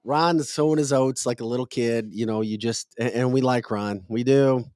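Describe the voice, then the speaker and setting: A man's voice: medium pitch, steady tone, moderate pace, darkish tone, no echo, studio quality. A man hosting a podcast, chatting casually about politics in an emphatic, joking way that slides into a scolding tone. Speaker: podcast host.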